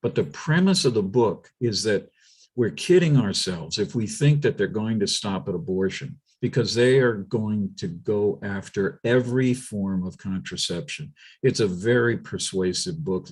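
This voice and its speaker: A man speaking as a guest on a political talk show, emphatic and animated, often restarting his sentences. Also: on the low side, normal speed, breathy edge.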